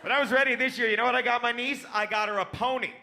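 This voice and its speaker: A man doing a brash, punchy stand-up set on a comedy club stage, baiting the crowd with quick asides into a handheld mic. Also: extremely high pitch, steady tone, bright, forceful tone, slight background noise.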